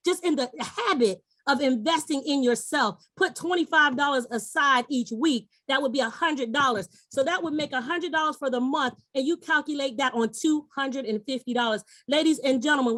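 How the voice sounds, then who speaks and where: A woman's voice: sits high, a bit bright, no room sound. A middle-aged woman presenting an investment webinar over a video call, upbeat and coaxing, addressing her audience directly. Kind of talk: persuasive sales pitch.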